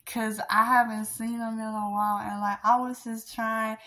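A woman's voice: a little high, level tone, moderate pace, bright, forceful tone. A young woman venting to her viewers about a rejection, rambling with sighs, trailing off and nervous laughs. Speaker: vlogger. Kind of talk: emotional rant to camera.

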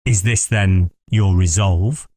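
Imperious aristocratic mother read by a man, low, mellow and husky, audiobook. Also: slow pace, no echo, clean studio sound. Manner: stern, imperious. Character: stern proud aristocratic mother, a noblewoman. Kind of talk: audiobook character voice.

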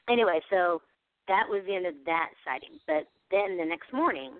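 A woman guest on a radio show, telling a story in a casual, animated way and acting out what people said. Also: fairly low pitch, moderate pace, no room sound. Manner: animated, acts out quoted dialogue. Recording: tinny phone line, dry.

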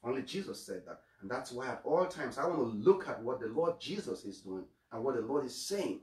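A man's voice: medium pitch, sing-song, a little fast, recorded from a distance. A man giving a homily as a priest, earnest, often repeating his first words and stumbling on starts. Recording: echoey room, voice away from mic.

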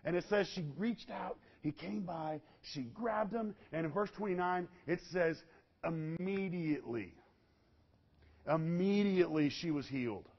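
A male preacher with a high-pitched voice tells his story with great animation. He swings from loud bursts down to quiet, hushed passages. The recording is dull and lo-fi, as if taken from a church sound system. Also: measured pace. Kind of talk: sermon.

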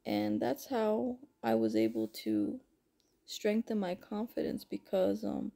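Woman, very gravelly voice, mellow tone, rambling heartfelt vlog testimony. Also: mid-range voice, sing-song, slow. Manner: emotional, rambling, addresses viewers as folks and honey. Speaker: spiritual content creator.

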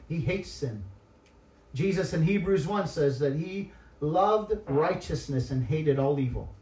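High-voiced preacher in an echoey church. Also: male voice. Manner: swings between soft, tearful-toned confession and loud emphatic exhortation. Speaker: guest preacher. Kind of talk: sermon. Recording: echoey church hall, distant mic.

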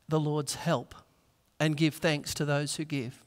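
A man's voice: on the high side, flat delivery, a little slow. A man preaching a sermon in a church, telling a story earnestly and acting out the voices in it. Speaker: pastor. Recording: reverberant church hall.

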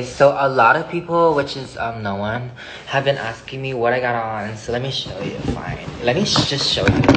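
A man from Hawaii rants and gushes into a phone held at arm's length, his voice sitting at an ordinary middle pitch. He is sassy and theatrical, swearing freely in a casual story-vlog way. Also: background noise. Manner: sassy, profane, dramatic. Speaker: social media personality.

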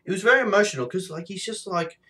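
A man with a somewhat high voice talks through a TV episode at home, his throat sore and his nose blocked. He rambles, loses his thread, and swears casually between fillers. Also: lively intonation, fast, bright, forceful tone. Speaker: TV episode reviewer.

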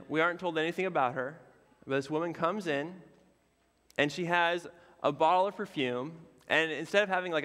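A man delivers a sermon from the pulpit in a loose, conversational style, dropping in fillers and friendly asides. His voice sits a little on the high side for a man. The sound rings with the long reverb of a church sanctuary. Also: fairly bright tone. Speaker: pastor.

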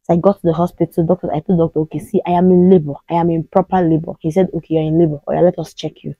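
Nigerian woman in her 30s telling a story to camera, lowish mellow voice, acts out the people in it, dry close sound. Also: flat delivery, very fast, no echo, dull audio. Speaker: vlogger.

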